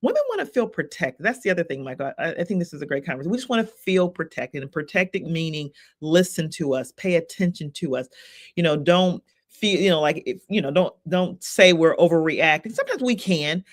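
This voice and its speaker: A woman's voice: deep voice, expressive, fairly quick. A woman co-hosting a podcast, speaking in an earnest, reflective way with frequent fillers. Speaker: podcast co-host. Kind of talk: casual podcast chat.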